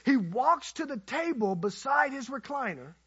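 A male guest preacher with a very high, bright, husky voice preaches in a playful storytelling manner, talking with his listeners as much as at them. The sermon recording sounds muffled and lo-fi. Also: moderate pace. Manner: animated, conversational, playful with the congregation.

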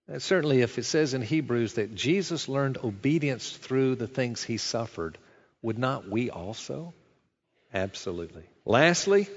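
A man preaching a sermon in an earnest, conversational way, asking rhetorical questions as a pastor. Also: medium pitch. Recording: dull sound with long hall reverb.

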